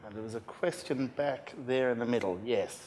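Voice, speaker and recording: A man's voice: medium pitch, brisk, a little mellow, slight background noise. A man hosting a festival talk, putting questions to the author and passing the mic to the audience with dry quips. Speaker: festival session host. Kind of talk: moderating a live Q&A.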